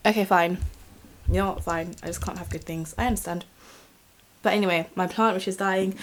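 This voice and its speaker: A woman's voice: on the low side, steady tone, a little fast, long pauses, heavy background noise. A young woman, chatting casually to camera in a rambling, swearing vlog. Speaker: vlogger.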